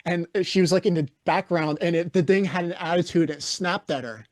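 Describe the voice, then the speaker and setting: A man's voice: sits high, fairly quick, few pauses, no room sound, clean studio sound. Blunt, opinionated male podcast co-host. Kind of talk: casual podcast chat.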